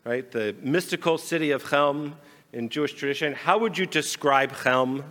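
Rabbi guy giving a sermon, higher voice, slow and bright, big echoey sanctuary. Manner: animated storyteller, raising voice for quarrelling characters. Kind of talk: sermon storytelling. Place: large synagogue sanctuary. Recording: long hall reverb.

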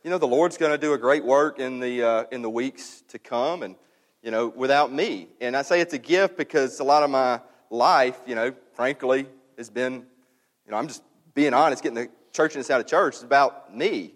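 A man's voice: medium pitch, in a large hall. A man, a pastor talking to his congregation in a casual, candid way with many fillers. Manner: casual and candid, many fillers, reads a passage aloud slowly. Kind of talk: sermon announcement, conversational.

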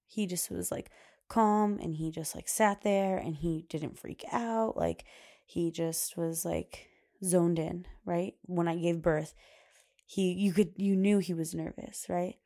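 A woman's voice: fairly low pitch, fairly even intonation, slow, dark tone. A young adult woman hosting a podcast, talking casually and chattily with lots of fillers and frequent laughs. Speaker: podcast host. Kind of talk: casual solo podcast talk.

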